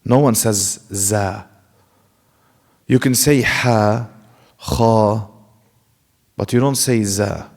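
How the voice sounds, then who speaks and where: In a mosque classroom, a Quran recitation teacher with a lowish, darkish voice speaks slowly and steadily, leaving long pauses. He explains carefully, demonstrates sounds himself, and asks the class rhetorical questions, with a long reverb tail trailing his words.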